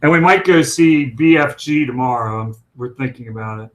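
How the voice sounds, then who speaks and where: A man's voice: medium pitch, normal speed, poor audio. A man co-hosting a casual chat show, talking in a rambling, chatty way. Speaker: co-host.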